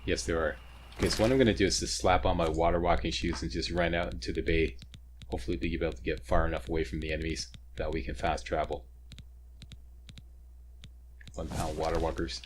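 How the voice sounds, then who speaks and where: A man's voice: low voice, little pitch movement, fast. A man hosting a video game walkthrough, chatty and joking as he explains each step. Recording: faint ambient noise, sirens nearby.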